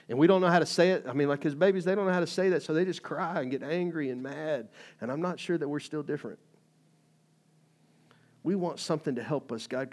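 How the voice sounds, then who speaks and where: Animated conversational male preacher. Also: a little high, brisk. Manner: animated, conversational preaching with many fillers and rising emphatic bursts. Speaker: pastor. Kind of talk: sermon.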